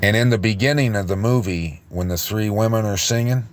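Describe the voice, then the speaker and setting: A man giving informal online religious teaching, rambling and halting with many false starts and restarts as he reads passages aloud. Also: fairly low pitch, slight background noise. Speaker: preacher.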